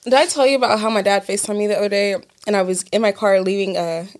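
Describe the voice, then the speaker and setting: A woman's voice: mid-range voice, steady tone, quick pace. Young woman, co-host, loose conversational delivery, casual cursing, filler-heavy. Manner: swears freely, lots of "like" fillers. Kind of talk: casual chat.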